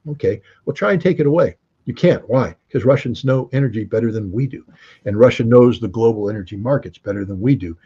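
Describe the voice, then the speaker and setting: Husky, emphatic American man. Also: lowish voice, lively intonation, fast talker, warm tone, muffled recording. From United States. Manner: emphatic and argumentative, fond of rhetorical questions. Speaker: guest commentator. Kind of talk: opinionated interview commentary.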